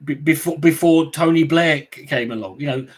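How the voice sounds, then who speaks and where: A man talks over radio clips in a sardonic, casual way. His voice sits a little higher than most men's. He keeps cutting in with dry remarks. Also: normal speed. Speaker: livestream host reacting to radio clips. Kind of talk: casual commentary.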